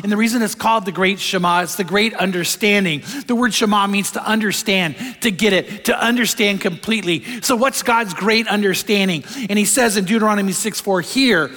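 Middle-aged male pastor, conversational sermon, high voice, echoing sanctuary. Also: a little fast, few pauses. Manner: conversational, animated storytelling, drops soft for emotional moments. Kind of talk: sermon with personal storytelling. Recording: long hall reverb.

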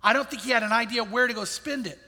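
A middle-aged man, a pastor, telling a personal story in an earnest, reflective way, often dropping his voice low and soft at the sad parts. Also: fast, big-room sound.

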